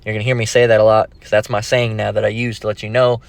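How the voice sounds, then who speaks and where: A man's voice: fairly low pitch, flat delivery, fast talker, vocal fry, no room sound. A man giving a casual, rambling religious lesson, with many restarts and street slang. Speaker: religious teacher.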